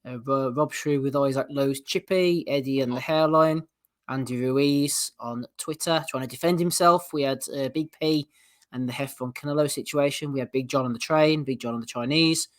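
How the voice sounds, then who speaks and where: A man hosting a boxing podcast, briskly moving the segment along. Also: medium pitch. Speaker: podcast host. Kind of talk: casual chat.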